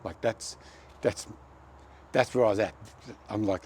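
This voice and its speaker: A man's voice: sits low, brisk, long pauses, a little mellow, a little hiss or hum. A man giving a personal faith testimony, telling his story in an earnest, heartfelt way.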